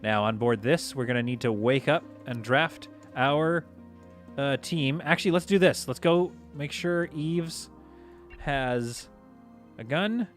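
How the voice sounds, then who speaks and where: A man commentating live over a space strategy game, giving orders to his crew and reacting out loud as things go wrong. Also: mid-range voice, slow pace, soft background music. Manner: excitable, talks to himself and his crew while playing. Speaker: gaming streamer.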